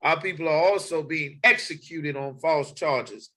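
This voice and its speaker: A man's voice: fairly high pitch, unhurried, bright, forceful tone, low-quality recording. A man preaching a sermon, reading scripture aloud and repeating his points emphatically. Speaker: street preacher.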